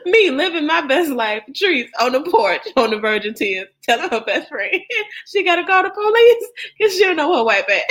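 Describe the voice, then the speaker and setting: A woman's voice: high voice, moderate pace. A woman in her thirties hosting a podcast, telling a story in a casual chat with lots of laughter and bits of sung lyrics. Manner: animated storyteller, laughing and breaking into song. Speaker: podcast host.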